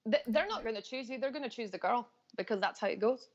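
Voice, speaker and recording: A woman guest on a casual live stream, giving her opinions in an earnest, measured way. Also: on the high side, lively intonation, muffled recording.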